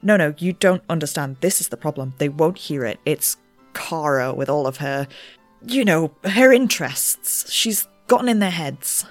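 A woman's voice: low-pitched, lively intonation, moderate pace, no room sound, faint music behind, pitched below the performer's own voice. A woman voicing an indignant older grandmother who complains to customer service and demands a manager. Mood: exasperated. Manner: demanding and exasperated.

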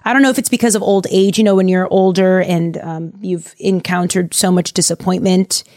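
A woman's voice: on the low side, fairly even intonation, fairly quick, a little mellow, no echo, clean studio sound. A woman podcast host casually retelling a Bible story in a chatty, jokey way.

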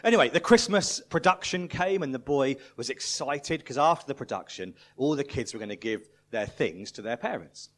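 Male preacher, lively pitch, storyteller who swings from loud to hushed. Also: moderate pace, few pauses. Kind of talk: sermon with storytelling.

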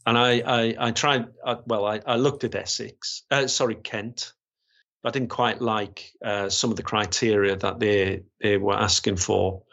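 A man's voice: fairly low pitch, fairly even intonation, unhurried, vocal fry, fairly bright tone. A man, a retired police officer recounting his career in a rambling way, with many restarts and fillers. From Gateshead, England. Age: 60s. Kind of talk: storytelling interview. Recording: slightly dull, lo-fi sound.

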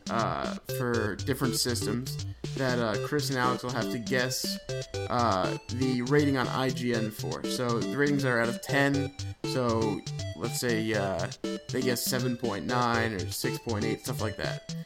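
A man co-hosting a podcast, laying out the rules of a quiz game with frequent filler pauses. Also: medium pitch, loud music behind the voice. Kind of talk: casual podcast chat.

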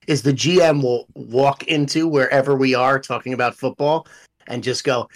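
Young adult male podcast co-host, animated and profane in casual sports banter. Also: medium pitch, moderate pace. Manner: animated storytelling, swears freely.

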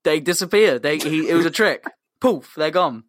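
A man's voice: a little high, expressive, normal speed, dry recording, clean studio sound. A man co-hosting a podcast, telling a comic story in a rambling, slangy, sweary way. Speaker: podcast co-host.

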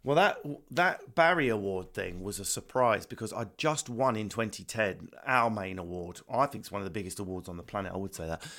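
A stand-up comedian with an Essex accent, talking fast and animated in a casual interview over a video call, swearing freely. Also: male voice, fairly low pitch. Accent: Essex English. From England. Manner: fast, energetic, swearing, acts out voices. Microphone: remote video call.

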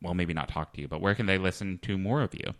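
A man hosting a comedy podcast, talking hesitantly with many fillers and a deadpan manner. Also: low-pitched, fast talker, no echo, clean studio sound. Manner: hesitant, lots of ums and restarts, deadpan. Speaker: podcast host. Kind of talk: casual comedy podcast chat.

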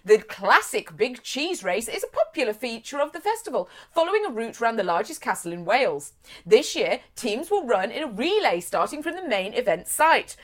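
A woman co-hosting a casual chat show, reading a news story aloud with gushing, lively reactions. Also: fairly high pitch. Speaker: podcast co-host.

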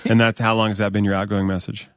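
A man's voice: on the low side, level tone, fast, no room sound, studio quality. A man co-hosting a casual podcast, throwing in jokes and teasing remarks. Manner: joking, teasing interjections. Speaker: podcast co-host. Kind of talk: casual chat.

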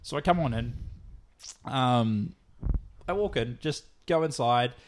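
A man's voice: mid-range voice, takes it slowly, a little hiss or hum. A young man, co-hosting a podcast and telling a story in casual, swearing chat. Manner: swearing, animated retelling with acted quotes. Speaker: podcast co-host.

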